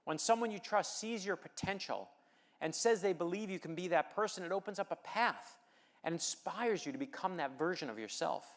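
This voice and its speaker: A man's voice: high voice, animated, normal speed. Man giving a motivational speech. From United States. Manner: personal storytelling with light humor, rallying the audience. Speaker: keynote speaker and novelist.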